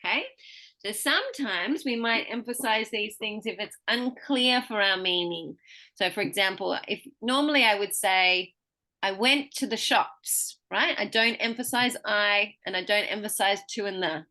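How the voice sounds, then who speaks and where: A woman speech pathologist giving a patient one-on-one pronunciation lesson, explaining slowly with examples. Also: medium pitch, bright, forceful tone.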